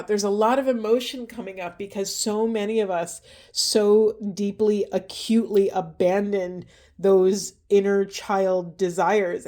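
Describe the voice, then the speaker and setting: A woman giving a spiritual card reading in an earnest, emotional way, asking gentle questions, her voice going hoarse. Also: medium pitch. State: losing her voice. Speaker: tarot and oracle reader.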